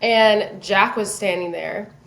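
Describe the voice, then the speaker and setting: A young woman telling a story as a podcast guest, casual and animated, with lots of filler words. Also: mid-range voice, slow, gravelly.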